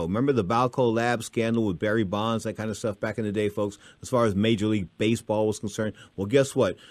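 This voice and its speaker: A man hosting a radio talk show, telling rambling, animated stories to his co-host and listeners. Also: mid-range voice, no room sound.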